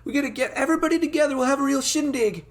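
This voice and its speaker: A man's voice: extremely high pitch, racing, voice pushed up. A man voicing a fussy, adorable middle-aged farm mother who gushes in fluttery exclamations. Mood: excited.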